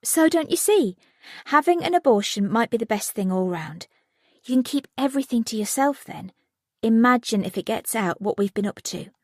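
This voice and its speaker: A woman's voice: on the high side, expressive, normal speed, no room sound, clean studio sound, pitched above the performer's own voice. A woman voicing a controlling, persuasive teenage girl in an audiobook, speaking insistently.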